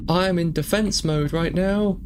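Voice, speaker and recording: A gaming streamer plays through a game in let's play commentary, thinking aloud and asking question after question in an earnest, emotional way. His voice sits high at a normal speed, with a noisy background.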